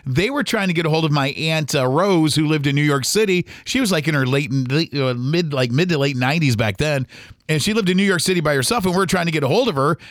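Man, middle-aged, somewhat high voice, rambling, halting, dry close mic. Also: expressive, no echo. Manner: halting, rambling, with many restarts. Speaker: podcast host, former radio DJ. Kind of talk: casual storytelling monologue.

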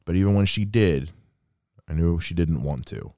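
Low and mellow, this male podcast host in his thirties talks at a moderate pace in a solo monologue about someone dear to him. He's earnest and reflective, slipping in quoted asides, and the recording has no room sound.

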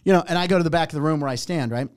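A middle-aged man, a warm-up comedian, telling a story in casual chat, animated and profane, acting out what people said. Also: on the high side, very fast, no echo, studio quality. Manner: animated, profane, acts out quotes.

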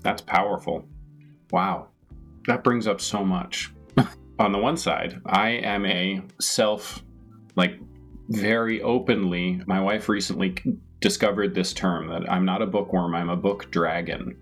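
Brief: male interview host, candid and eager, deep voice, faint music in the background. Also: fairly even intonation, slow, long pauses, a bit bright, breathy edge. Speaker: podcast host. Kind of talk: casual interview chat.

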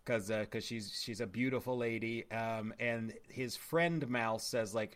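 Halting casual man reviewing a movie. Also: mid-range voice. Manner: halting, with frequent uh and restarts. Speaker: podcast co-host.

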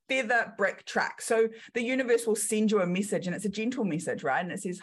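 A woman's voice: mid-range voice, a little fast. A woman in her thirties with a New Zealand accent, a business coach telling stories in a podcast interview and acting out the voices of the people she quotes. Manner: lively storytelling, acts out quoted voices.

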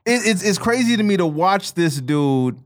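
Young guy on a comedy podcast, cussing a lot, voice jumps all over the place, sits a bit high. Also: normal speed. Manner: profane, animated, does mocking impressions. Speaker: podcast co-host. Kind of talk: casual comedic chat.

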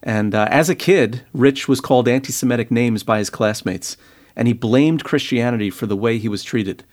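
A man's voice: medium pitch, moderate pace, a little mellow. A man hosting a ministry radio show, introducing a friend's testimony. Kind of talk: segment introduction.

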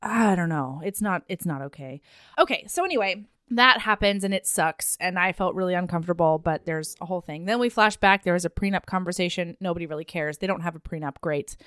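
A woman's voice: fairly low pitch, a little fast, a bit bright, clean tone, no echo, clean studio sound. A young woman co-hosting a book podcast, chatting candidly and bluntly, swearing freely. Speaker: podcast co-host discussing a book. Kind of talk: casual chat.

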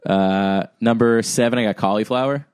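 A man's voice: on the low side, steady tone, moderate pace, darkish tone, clear, resonant tone, no room sound. A man hosting a podcast, chatting casually about food and cracking dry, meandering jokes. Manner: tall. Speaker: podcast host. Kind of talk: casual chat.

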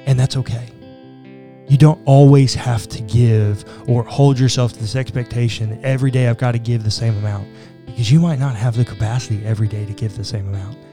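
A man's voice: medium pitch, dark tone. A man, a pastor, talking earnestly in a podcast discussion, with a casual, conversational manner. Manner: earnest, conversational, says "like" often.

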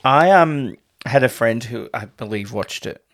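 A man co-hosting a casual podcast who cuts in with quick, teasing jokes and blunt swearing. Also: medium pitch, lively intonation, a bit bright. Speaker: podcast co-host. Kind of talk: casual film-review chat.

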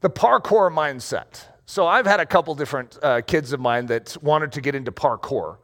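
A middle-aged male pastor preaching a playful sermon, acting out scenes and shouting for effect. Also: fairly high pitch, lively intonation, moderate pace. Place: room with rows of chairs.

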